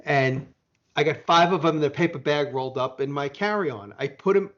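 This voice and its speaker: A man's voice: on the high side, moderate pace, fairly bright tone. An American man telling a long rambling story in casual podcast chat, swearing now and then, with dull lo-fi sound. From United States. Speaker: podcast guest.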